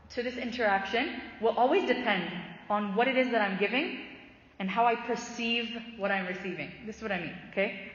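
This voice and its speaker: A woman in her thirties tells stories in a loose, chatty way, full of fillers and small restarts, at an ordinary mid pitch. Her voice rings through a big hall with a long tail, and the sound is a little dull and muffled. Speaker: faith talk speaker. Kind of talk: casual faith talk with storytelling.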